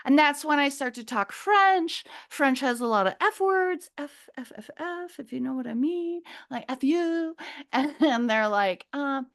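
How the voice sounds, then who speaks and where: A fairly high-pitched woman in her fifties from Minnesota, talking as a podcast guest. She tells her story loosely and chattily, drifts into tangents, laughs a lot and swears without a second thought. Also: expressive, unhurried, a bit bright. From Minnesota, USA. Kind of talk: casual storytelling interview.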